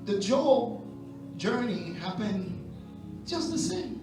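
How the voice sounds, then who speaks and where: A man with a Haitian accent preaching a sermon, swinging from shouted, sung cries to hushed near-whispers. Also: high-pitched, sing-song, takes it slowly, heavy reverb, distant mic, music in the background, poor audio. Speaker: pastor.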